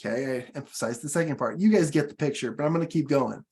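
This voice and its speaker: A man's voice: on the high side, fast talker, a little mellow. A man coaching his audience in a motivational training talk, emphatic and encouraging, repeating his key points.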